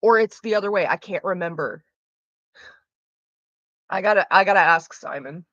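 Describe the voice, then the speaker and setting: A woman's voice: lowish voice, normal speed, a bit bright, no echo, muffled recording. A woman streamer chatting casually with her viewers, rambling with lots of "like" fillers. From Canada.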